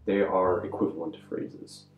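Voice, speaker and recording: A man's voice: sits low, steady tone, unhurried, dull audio. A man co-hosting a video language lesson, adding grammar explanations and comparisons. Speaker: co-host. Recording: echoey room with faint guitar music.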